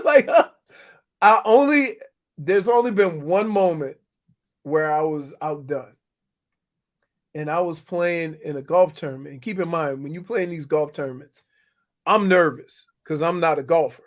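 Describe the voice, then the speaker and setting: Middle-aged male sports radio co-host, light high voice, lively storyteller, casual. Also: unhurried. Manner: animated storytelling, laughs often. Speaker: sports radio co-host, former NFL player.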